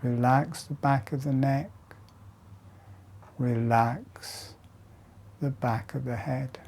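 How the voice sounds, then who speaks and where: A man leads a guided breathing meditation at a very slow, unhurried pace, pausing often between phrases. His voice is dark and gravelly, and it stays level, with little rise and fall. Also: mid-range voice, a little hiss or hum. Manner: slow, calm, soft instructions with long pauses. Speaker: breathwork teacher.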